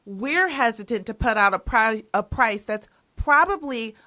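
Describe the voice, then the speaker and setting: A woman's voice: on the high side, expressive, a little slow, pushed and bright. A woman hosting a podcast interview, talking in an emphatic, casual way and repeating words when she stresses a point. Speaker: podcast host.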